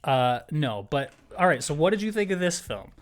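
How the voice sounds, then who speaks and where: Playful podcast host with a lively voice. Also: male voice, a little high. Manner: playful, teasing, quick to laugh. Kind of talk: casual podcast chat.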